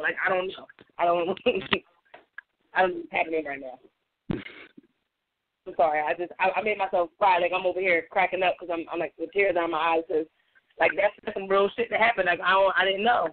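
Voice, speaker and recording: A woman's voice: fairly low pitch, fairly even intonation. A woman co-hosting a casual radio talk show, giggly and candid, speaking on a tinny phone-like recording. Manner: giggly, candid, fast-talking. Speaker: co-host.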